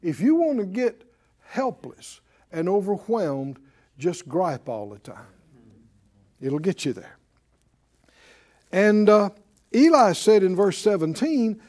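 Guy preaching to his church, high voice that jumps around a lot, keeps asking the room questions. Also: big pitch swings, slow pace, pauses often, darkish tone. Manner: conversational preaching, calls out to congregation. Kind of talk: sermon.

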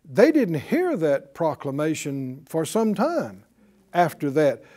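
An older male preacher delivers a sermon, drawing responses from his listeners with hallelujahs and questions. His voice sits high and swoops with lively intonation as he acts out both sides of a remembered conversation. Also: takes it slowly.

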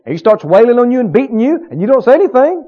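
Man, preacher, fervent sermon, high and lively voice, dull lo-fi recording. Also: racing. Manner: fervent, rising to shouted repeated phrases.

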